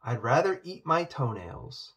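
A man's voice: medium pitch, very animated, unhurried, a bit bright, breathy edge, distant mic, exaggerated voice. A man voicing a furious, spoiled young princess who talks with indignant emphasis in a storybook reading. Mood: defiant.

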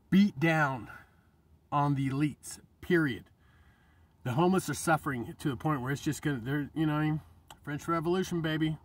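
A man's voice: a little high, slightly rough, no echo, far from the mic. A middle-aged man in an emotional monologue to camera, impassioned and rambling, swearing and restarting his sentences. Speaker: vlogger.

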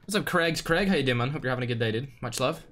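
A young man with a Northern Irish accent streaming a game live, reacting loudly and greeting chat in casual slang. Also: mid-range voice, rapid-fire. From Northern Ireland. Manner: excitable, slangy, swings between loud outbursts and muttering. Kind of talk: live gameplay commentary with chat shout-outs.

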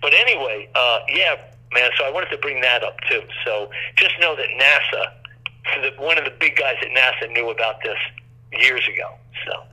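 Man, interview guest, rambling storyteller, bright sharp voice, husky, phone line. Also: medium pitch, normal speed. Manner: rambling, animated, acts out quoted voices.

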